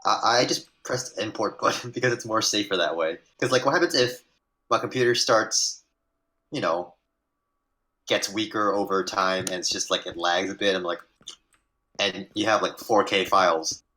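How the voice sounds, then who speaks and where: A man with a very low but bright, forceful voice chats on a livestream. He talks hesitantly, restarting his sentences. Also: normal speed, slight background noise. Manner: hesitant, full of fillers and restarts. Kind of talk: casual stream chat.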